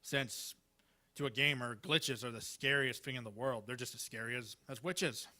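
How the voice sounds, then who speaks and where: Speaking at a moderate pace in a medium-pitched, sharp-toned voice, a man works through Halloween one-liners at an open mic. His delivery is hesitant and rambling, packed with fillers and restarts, in a small live venue.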